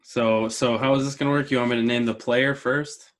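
A man's voice: mid-range voice, steady tone, a little fast. A man co-hosting a casual sports talk show, laid-back and chatty. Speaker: co-host.

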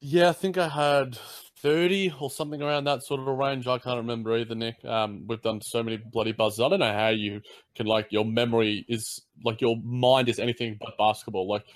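A man's voice: medium pitch, steady tone, fairly quick. A man with an Australian accent chatting casually about basketball on a podcast, loose and teasing. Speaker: podcast co-host. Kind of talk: casual sports chat.

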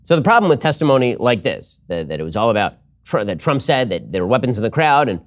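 A man hosting a political commentary show, talking fast and emphatically in an opinion monologue. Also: medium pitch. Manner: animated, quick, emphatic.

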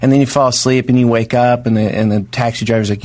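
A man in casual comedic conversation, telling rambling, exaggerated stories in a deadpan way. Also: mid-range voice, quick pace.

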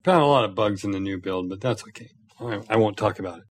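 A man's voice: fairly low pitch, fast talker, noisy background. Exasperated gamer podcast man. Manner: exasperated, self-mocking, sighs and laughs. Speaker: podcast co-host. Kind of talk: casual banter.

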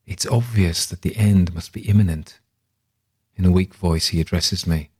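A man reading a literary story aloud in a measured, reflective way. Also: low voice, mellow, breathy edge. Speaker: reader.

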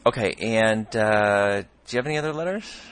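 A man's voice: on the low side, animated, normal speed, fairly bright tone, slight background noise. A man co-hosting a podcast in casual chat, easygoing and drily teasing. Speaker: podcast co-host.

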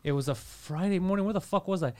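A man hosting a podcast in casual chat, telling stories in an animated way and swearing freely. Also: high voice, fast, a little hiss or hum. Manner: profane, animated storytelling. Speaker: podcast host.

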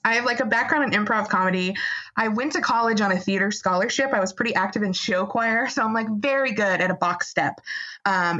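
Female guest, pre-K teacher, bright and friendly, slightly dull lo-fi audio. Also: medium pitch. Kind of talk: casual interview.

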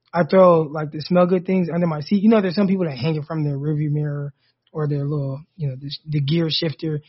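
Man, 30s, podcast co-host, high voice, casual animated storytelling, dull lo-fi audio. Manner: animated, rising sharply when indignant. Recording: dull lo-fi sound.

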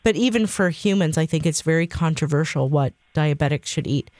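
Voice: medium pitch, brisk, darkish tone, no room sound. Vet explaining diets on call-in radio. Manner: explanatory, conversational. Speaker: veterinarian guest.

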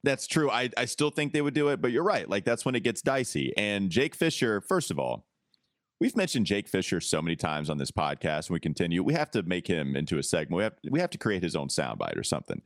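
Lively low-voiced man. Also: no room sound, clean studio sound. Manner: animated, quick to laugh, reads reports aloud. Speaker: podcast co-host. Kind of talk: casual sports talk.

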